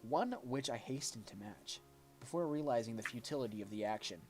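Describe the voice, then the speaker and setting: A man reading a game's narration aloud on a stream, at an ordinary middle pitch. He stumbles and restarts now and then as he goes. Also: a little fast, a little mellow, soft background music. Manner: reads aloud with small slips, jokes with a friend. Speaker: streamer reading a visual novel.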